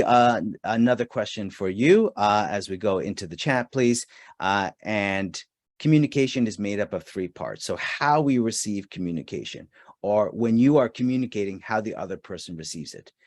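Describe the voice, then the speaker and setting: Man, low voice, dry close sound, webinar trainer, chatty, lots of uh and um. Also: dry recording. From Canada. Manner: reads viewer chat answers aloud, conversational with fillers. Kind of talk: live online training webinar.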